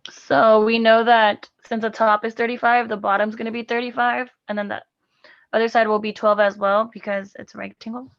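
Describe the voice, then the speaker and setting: A woman with a gravelly voice answering in class, rambling with many fillers. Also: on the high side, little pitch movement, a little fast. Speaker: student. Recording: dull lo-fi audio.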